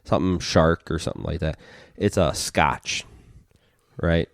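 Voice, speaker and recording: A man's voice: low voice, measured pace, dry recording, clean studio sound. A man co-hosting a podcast, telling a profane, rambling story in casual chat and acting out what people said. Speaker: podcast co-host.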